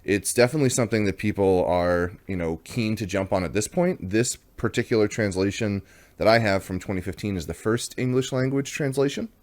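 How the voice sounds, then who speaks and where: A man's voice: lowish voice, brisk. A man hosting a casual comics review video, chatty and rambling, poking fun at himself as he goes. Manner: chatty, rambling, self-deprecating.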